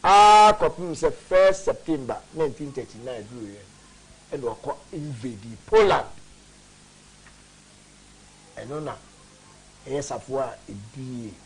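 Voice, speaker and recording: A man's voice: mid-range voice, lively intonation, unhurried, slight background noise, poor audio. A man hosting a history discussion, speaking expansively and emphatically in Twi mixed with English.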